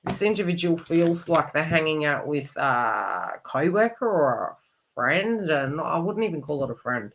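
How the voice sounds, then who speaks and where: Woman, low register, psychic reader on a live stream, emotive and rambling, restarts often. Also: animated, normal speed. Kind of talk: live online psychic reading.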